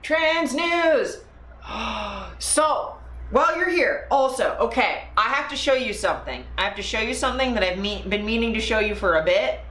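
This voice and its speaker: A woman hosting a casual live stream, talking to chat viewers in a profane, animated way. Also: a little high, fast, few pauses. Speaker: livestream host. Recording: echoey room with faint ambient noise.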